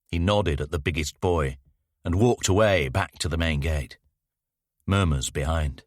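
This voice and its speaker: Deep-voiced male audiobook narrator. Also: no echo, clean studio sound. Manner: measured, descriptive storytelling. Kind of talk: scripted narration.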